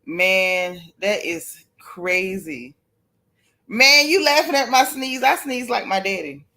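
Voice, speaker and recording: A chatty woman hosts a casual gossip livestream, talking straight to her viewers in a mid-pitched voice. She sounds sniffly from allergies and keeps apologizing between sneezes. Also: expressive, slow, pushed and bright.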